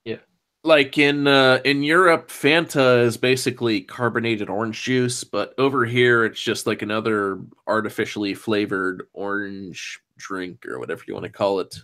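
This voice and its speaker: A man's voice: on the low side, normal speed, few pauses, a bit bright. A man chatting casually on a stream, laid-back and blunt, swearing now and then.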